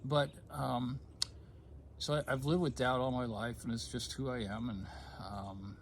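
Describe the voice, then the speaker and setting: A man in his fifties recounts a personal story in casual conversation. He speaks in a plain mid-range voice, halting with fillers and restarts. A light background noise sits under the recording. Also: medium pitch, flat delivery. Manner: hesitant, many ums, gets choked up then laughs. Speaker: guest sharing a personal story.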